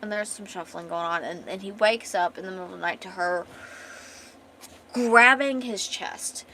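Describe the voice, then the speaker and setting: A woman's voice: medium pitch, normal speed, pushed and bright, a little hiss or hum. A woman streamer chatting casually with viewers while retelling and reading a comic aloud, full of fillers and restarts.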